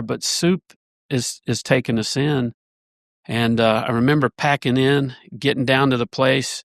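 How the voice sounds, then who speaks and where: Gravelly-voiced man telling a story. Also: mid-range voice, dry recording, clean studio sound. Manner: rambling, animated storyteller with many restarts. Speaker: church elder, podcast guest. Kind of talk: casual storytelling conversation.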